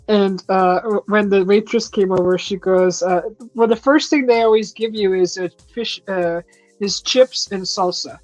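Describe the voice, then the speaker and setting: A woman's voice: medium pitch, fairly even intonation, a little slow, a little mellow, no echo, faint music behind, poor audio. A woman hosting a casual live chat from her home kitchen, chatty and teasing, laughing often as she reads viewer comments. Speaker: host of a live chat stream.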